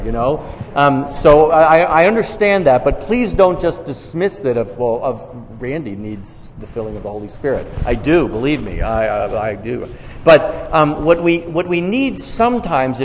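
A man from New York with a New York accent, telling stories to an audience in a self-deprecating, conversational way. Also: mid-range voice. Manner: self-deprecating, storytelling with quoted dialogue. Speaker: speaker on faith conversations. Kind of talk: talk to a live audience. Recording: long hall reverb, faint room noise.

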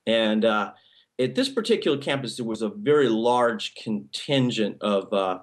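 A man's voice: fairly low pitch, expressive, unhurried. A male pastor giving a sermon in a conversational style, with many restarts and frequent "okay?" check-ins to the congregation.

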